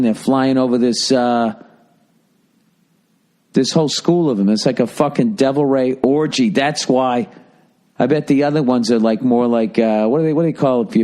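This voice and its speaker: A man's voice: medium pitch, moderate pace, dark tone. A middle-aged man hosting a podcast, riffing in a profane, sarcastic, rambling monologue. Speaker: podcast host.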